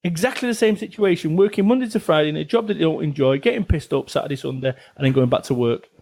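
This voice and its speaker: A man's voice: a little high, fast, vocal fry, darkish tone. A man in his forties with a Salford accent, a business author talking bluntly and swearing freely as a podcast guest, repeating phrases for emphasis. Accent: Northern English, Salford. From England. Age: 40s. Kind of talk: casual interview chat.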